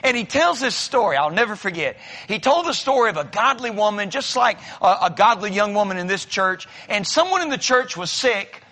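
In a church sanctuary, a pastor preaches a sermon built on folksy stories, acting out the voices of the people in them. He speaks high and a little fast with big pitch swings and few pauses, his tone bright and forceful, while a large hall's long reverb trails behind him.

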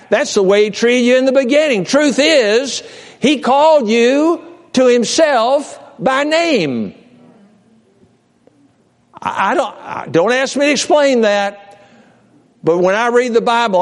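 This is a pastor delivering a sermon with passion, his voice moving from loud cries to quiet, hushed storytelling. He keeps restarting and repeating words, addressing the listeners straight on.

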